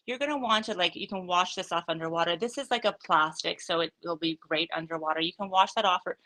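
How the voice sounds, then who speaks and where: A woman's voice: on the low side, fast, sharp tone, poor audio. A woman hosting a live craft demonstration, chatty and upbeat, thinking aloud with frequent fillers. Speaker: craft studio host.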